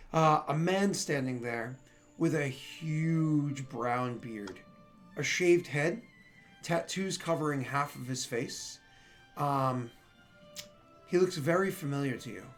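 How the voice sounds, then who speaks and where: A man narrating a tabletop role-playing game as game master, casual and full of fillers and restarts. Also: on the high side. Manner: rambling with many fillers.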